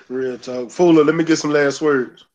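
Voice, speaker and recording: A man's voice: on the high side, measured pace, darkish tone, poor audio. A man hosting a casual online boxing panel, calling on each guest for last words in a laid-back way. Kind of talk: casual live stream hosting.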